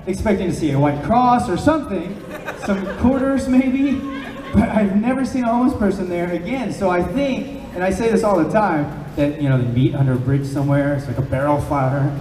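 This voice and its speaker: A man telling a comic story to a live audience as a panel guest, animated and drawing out dramatic pauses. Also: high-pitched, recorded from a distance, some chatter behind. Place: large event hall with an audience. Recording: roomy hall echo, voice off-mic, faint noise.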